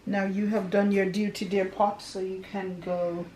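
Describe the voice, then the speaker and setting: A woman's voice: medium pitch, little pitch movement, measured pace, a little mellow, distant mic. This is a chatty woman hosting a cooking vlog from her garden. She jokes and laughs while she cooks. The recording is echoey, with a light hiss underneath. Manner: playful, chatty, laughs often. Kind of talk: casual cooking chat. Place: outdoor garden. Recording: echoey with faint noise.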